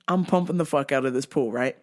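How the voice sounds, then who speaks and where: A young adult woman telling a comic story as a vlogger, swearing freely and breaking into shrieking laughter. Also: a bass voice. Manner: profane, animated, bursts into shrieking laughter. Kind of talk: comedic storytelling rant.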